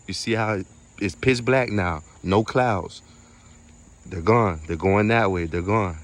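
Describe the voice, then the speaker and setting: Man, low voice, quiet preachy outdoor night vlog, casual swearing. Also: slow pace. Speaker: spiritual vlogger.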